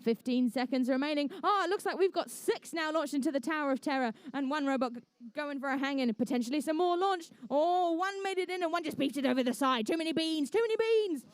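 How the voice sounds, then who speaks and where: A young English woman calls the action as referee, her voice pitched high and bright above most women's. She keeps up a playful, joking patter, and the sound is close and dry, with no room echo. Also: fast, hardly any pauses. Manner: playful, chatty, jokey asides. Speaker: referee and match commentator. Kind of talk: live event commentary. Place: indoor competition venue.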